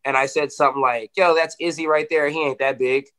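A man talking quickly and brightly, words tumbling out as he recounts a grudge in a relaxed interview. He peppers everything with "you know" and curses freely, lively and blunt. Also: on the high side. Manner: animated, swearing, lots of "you know". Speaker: fighter. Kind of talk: casual interview storytelling.

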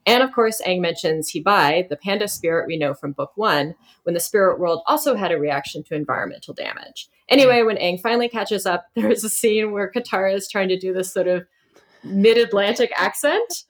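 A woman's voice: mid-range voice, fairly quick. A woman co-hosts a podcast and summarizes an episode in casual chat. Her voice sits in a middle range, and she talks in a conversational way with hesitant restarts. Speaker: podcast co-host.

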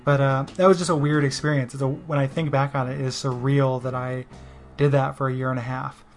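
A man's voice: medium pitch, little pitch movement, a little fast, soft background music. A man telling a personal story in a rambling, self-deprecating way, full of "you know" and restarts. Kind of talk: casual spoken monologue.

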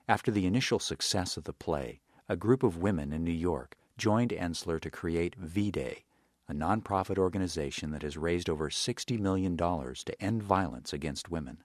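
A man giving scripted documentary narration in a measured, even way. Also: low voice, dry recording, clean studio sound.

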